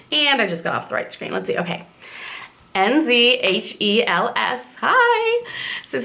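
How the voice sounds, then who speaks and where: A vlogger in her forties from southern Indiana, USA, with a slight southern twang, sits at home rambling through viewer questions to camera with lots of fillers. Her fairly high voice is very animated, pushed and bright, yet a little slow and creaky, with frequent pauses.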